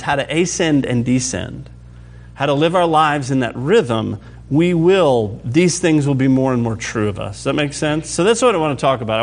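A man preaching a sermon to his congregation in a conversational teaching style, often checking that listeners follow and pushing louder or dropping soft for emphasis. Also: mid-range voice. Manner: varies pace and loudness for emphasis. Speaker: pastor.

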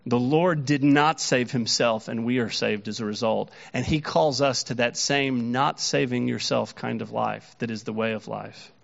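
A man's voice: mid-range voice, normal speed, vocal fry, few pauses, highs cut off. A man preaching a sermon earnestly, his voice rising when he quotes the mockers. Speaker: pastor.

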